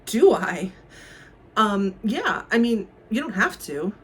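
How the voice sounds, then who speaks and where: A woman voicing an awkward teenage boy who stammers and sounds flustered, his voice jumping high when he is unsure. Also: sing-song, slow pace, breathy edge, full character voice. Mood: nervous.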